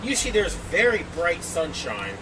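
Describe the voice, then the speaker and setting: Recorded outside through a distant mic, with outdoor noise in the background, this man serves as a tabletop game master. His voice is on the high side and his pace unhurried as he narrates scenes in a lively, descriptive way.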